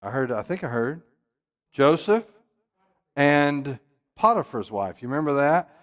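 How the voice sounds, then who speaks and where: Male pastor, Bible study teaching, emphatic, loud bursts then hushed asides, mid-pitched voice. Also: expressive, measured pace. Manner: emphatic, swings between loud exclamations and quiet asides. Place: church.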